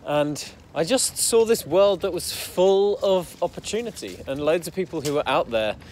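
Telling his personal story casually, a young Midlands man who's an entrepreneur rambles with lots of fillers and heated swearing. His voice is mid-range, and there's slight background noise.

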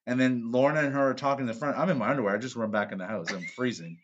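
A man's voice: medium pitch, racing, muffled recording. A man, a podcast co-host, telling crude stories in casual, mock-defensive chat.

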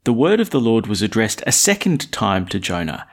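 A man's voice: lowish voice, normal speed. Conversational male preacher giving a sermon. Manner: conversational, animated storytelling with rhetorical questions.

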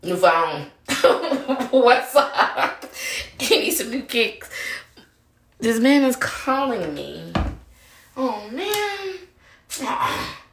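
A woman's voice: fairly high pitch, very animated, drawn-out words, pauses often, distant mic, a little hiss or hum. A woman in her thirties hosting a podcast from home in a casual, candid chat, full of slang and swearing, and laughing often. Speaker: podcast host. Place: room at home. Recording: roomy echo, voice off mic.

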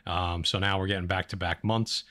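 A man's voice: low voice, steady tone, fairly quick, bright, forceful tone. A man co-hosting a casual comic book podcast, talking in a laid-back, rambling way with plenty of fillers. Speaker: podcast co-host.

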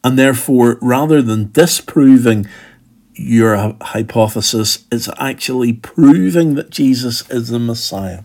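A man's voice: medium pitch, darkish tone. A man preaching a sermon, walking through a text step by step in a conversational way and sometimes acting out what a speaker might have said. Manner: conversational, explaining step by step and acting out imagined speech.

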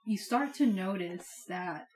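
A woman's voice: medium pitch, animated, measured pace, darkish tone. A woman running a tabletop game as game master, talking hesitantly with many fillers. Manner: hesitant, lots of "like" and "um".

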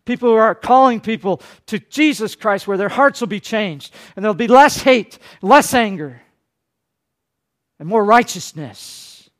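A man preaching a sermon, swinging between loud, urgent lines and hushed, quiet ones, and briefly acting out the people he quotes. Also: sits high, animated, unhurried. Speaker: pastor.

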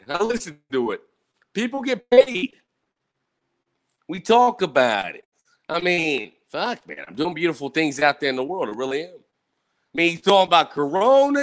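A man's voice: high voice, a bit bright. A man hosting a show, reacting to podcasts with sarcastic, exasperated, profane commentary. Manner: sarcastic, exasperated, swears a lot.

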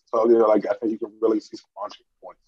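A man co-hosting a casual podcast chat, reflective and quick to laugh. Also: on the low side, little pitch movement, slightly rough. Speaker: podcast co-host. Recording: muffled lo-fi mic.

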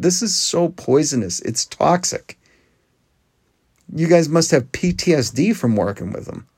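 A man's voice: mid-range voice, dry recording, studio quality. A man hosting a podcast, talking in an earnest, conversational monologue that often restarts its sentences. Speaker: podcast host. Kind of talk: casual monologue.

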